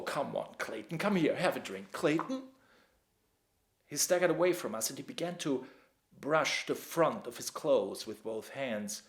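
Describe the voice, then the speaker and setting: A man reading his own dark story aloud, measured, dropping to a hush at tense moments. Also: medium pitch. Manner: measured, with sudden hushed drops. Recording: echoey room.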